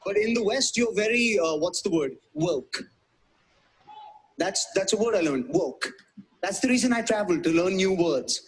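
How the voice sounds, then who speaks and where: On stage before a live crowd, this comedian from India, speaking Indian English, delivers a wry, self-deprecating routine with punchy timing and assumed voices. He has a high voice with lively intonation, moving fairly quickly and barely pausing.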